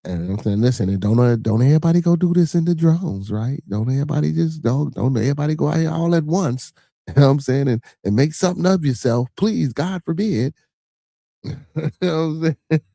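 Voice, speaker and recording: A man's voice: mid-range voice, lively intonation, fast talker, creaky, warm tone, dry recording, studio quality. A man with a Chicago accent hosting a podcast, giving blunt, profane money advice in casual chat and often restarting his words. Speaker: podcast host.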